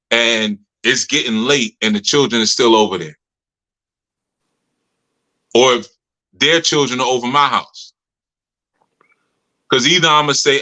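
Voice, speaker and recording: A man's voice: mid-range voice, pushed and bright, low-quality recording. A man giving a casual, story-filled talk to his community, who laughs often and speaks in a loose colloquial way. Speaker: community leader speaking to members.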